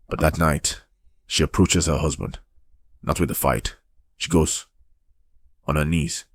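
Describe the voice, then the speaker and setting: A man's voice: extremely low pitch, steady tone, unhurried, pauses often, slightly rough, no room sound, clean studio sound. A man narrating a movie recap in a dramatic, gossipy way, talking straight to his listeners.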